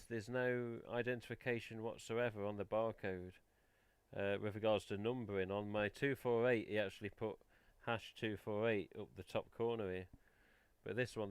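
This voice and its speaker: A man with a smooth, lowish voice and an English accent hosts a casual collectors' live stream. Chatting into a headset mic, he rummages through boxes and swears mildly.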